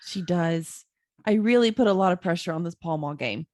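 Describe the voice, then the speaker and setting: A woman co-hosting a casual podcast chat, animated and laughing often. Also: lowish voice, normal speed, no echo, clean studio sound. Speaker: podcast co-host.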